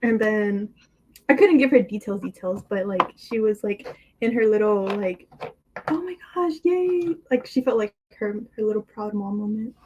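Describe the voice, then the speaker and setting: Young woman guest on a podcast call, lively storytelling, acts out her friends. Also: mid-range voice, moderate pace, slight background noise. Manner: animated, acts out quoted friends. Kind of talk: casual storytelling. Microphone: computer mic on a video call.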